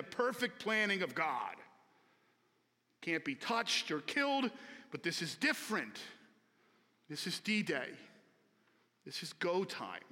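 A man, a pastor, preaching a sermon slowly and earnestly with emphatic repetition, in a church sanctuary. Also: sits high, sharp tone. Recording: long reverb of a large hall.

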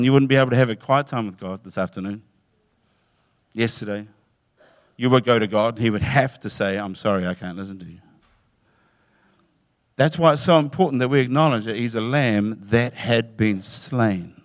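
A man preaching a sermon, telling the story with animated, acted-out voices and occasional laughter. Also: lowish voice, a little fast, no room sound, studio quality.

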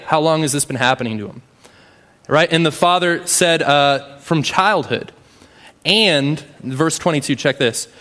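A man delivers a sermon in a relaxed, conversational manner, often tagging his points with a quick question. His voice sits a little high, and a long reverb trails behind it, as in a large church hall. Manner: conversational, frequent "right?" tags. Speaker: pastor.

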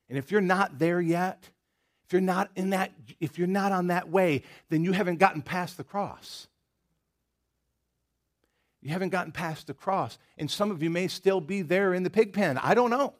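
Southern man preaching, fairly high voice. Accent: Southern American. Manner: conversational preaching, swings from loud to hushed. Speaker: pastor. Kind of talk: sermon.

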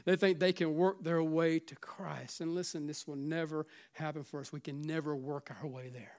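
A middle-aged pastor with a South Carolina Southern accent preaches a sermon, swinging between loud urging and hushed, near-whispered lines while often repeating "listen." His voice is on the high side and steady in tone, at a normal pace.

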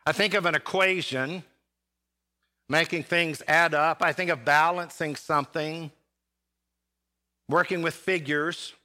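A man pastor preaching a sermon, with dramatic pauses and big swings between loud and soft. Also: fairly high pitch, fairly even intonation. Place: church sanctuary.

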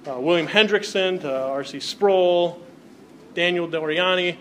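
A man's voice: high-pitched, fairly even intonation, unhurried, fairly bright tone, slight background noise. A male pastor preaching a sermon, reading Bible passages aloud and explaining them to his congregation. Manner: reads scripture aloud, then explains it to the congregation.

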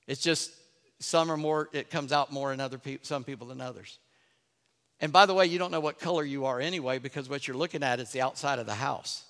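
A man from Charleston preaching a sermon as pastor, telling stories with animated energy and dropping to a hush for effect. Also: mid-range voice, a little fast. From Charleston, South Carolina. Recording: long hall reverb.

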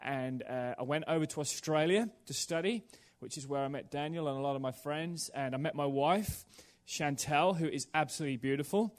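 A young man preaches in a church, talking informally and throwing in asides and jokes for the congregation. His voice sits a little high for a man. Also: brisk. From England. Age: young adult. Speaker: guest preacher. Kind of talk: sermon. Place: church sanctuary before a congregation.

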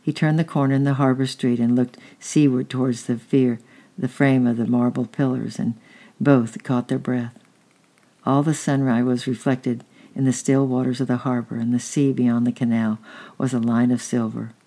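A man reading a story aloud, measured and earnest, with occasional small stumbles. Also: mid-range voice, level tone, warm tone. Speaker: narrator.

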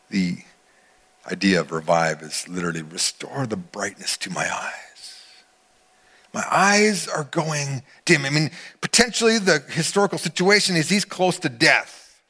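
Animated man preaching a sermon. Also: medium pitch, unhurried, slightly rough. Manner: animated, acts out quotes, swings between loud and hushed. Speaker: pastor.

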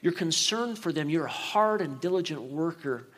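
Earnest preaching man, fairly high voice. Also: animated, moderate pace, fairly bright tone. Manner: earnest preaching with frequent repeated words. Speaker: pastor. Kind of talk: sermon.

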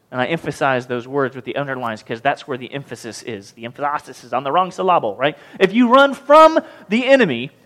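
A pastor preaching a sermon, animated and questioning his congregation. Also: fairly high pitch. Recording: long hall reverb.

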